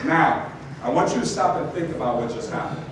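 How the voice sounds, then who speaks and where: A man giving a motivational talk to an audience, telling stories with animated asides. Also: on the high side, a little fast, a loud crowd. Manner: storytelling, animated, many asides like "right?". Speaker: motivational speaker. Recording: echoey hall from far off, noisy.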